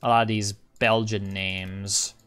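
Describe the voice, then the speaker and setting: A man's voice: on the low side, level tone, unhurried, fairly bright tone, clear, resonant tone, soft background music. A man rambling casually through a game commentary as a channel host, muttering to himself and swearing when things go wrong.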